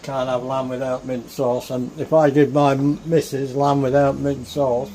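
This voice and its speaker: A man talks his way through making a roast at home, muttering asides to himself between remarks to the camera. His voice sits at an ordinary middle pitch. There is clear ambient noise behind him in the kitchen. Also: little pitch movement, moderate pace, dark tone. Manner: chatty, mutters to himself while cooking. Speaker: home cook vlogger. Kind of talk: casual cooking commentary. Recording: noisy background ambience.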